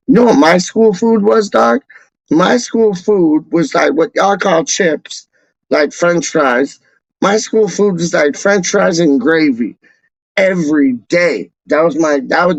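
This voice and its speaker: Laid-back slangy American guy, gravelly. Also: high voice, unhurried, dry recording. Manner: slangy, laid-back, constantly says "dog". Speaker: football fan channel host. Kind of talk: casual rambling chat. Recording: slightly dull lo-fi sound.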